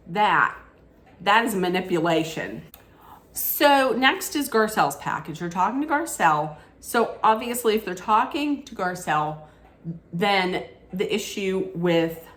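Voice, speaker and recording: A woman's voice: lowish voice, animated, unhurried, fairly bright tone. Opinionated woman ranting in an echoey room. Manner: opinionated, frequent restarts and asides. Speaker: reality TV recap vlogger. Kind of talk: casual recap rant.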